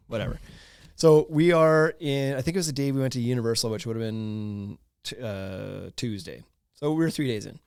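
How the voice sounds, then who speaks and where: A man, hosting a podcast and telling a story in casual chat, animated and laughing often. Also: mid-range voice, a little fast, no room sound, studio quality. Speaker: podcast host.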